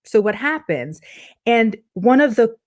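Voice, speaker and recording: A middle-aged woman relationship coach answering interview questions in a lively way, acting out her clients' voices as she tells stories. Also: fairly high pitch, measured pace. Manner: animated, acts out quoted clients in different voices.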